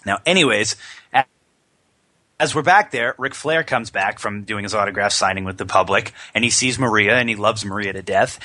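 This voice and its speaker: Bright-voiced male podcast host. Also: mid-range voice, normal speed, dry recording. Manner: storytelling, relaxed, chuckling. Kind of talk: casual chat.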